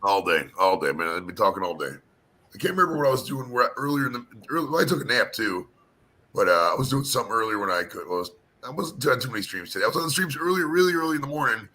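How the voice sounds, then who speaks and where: A man hosting a live-streamed panel chat, hoarse from talking all day, rambling casually and swearing a lot. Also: medium pitch, expressive, quick pace, sharp tone, poor audio. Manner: rambling, profane, laid-back. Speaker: panel show host.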